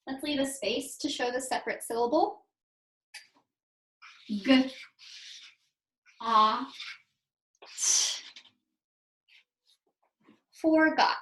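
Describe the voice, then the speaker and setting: A high-pitched woman teaches a spelling lesson to second graders, patiently sounding out letters and syllables one at a time. The recording is rough.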